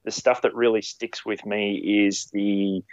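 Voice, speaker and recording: A ski patroller, recounting rescues in a halting way with many fillers and restarts. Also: male voice, fairly low pitch, level tone, no room sound, muffled recording. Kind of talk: conversational storytelling.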